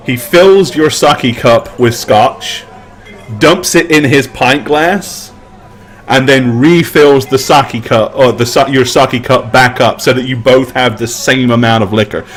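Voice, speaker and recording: Relaxed male game master. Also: medium pitch, a little slow, soft background music. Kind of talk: narrating a tabletop game.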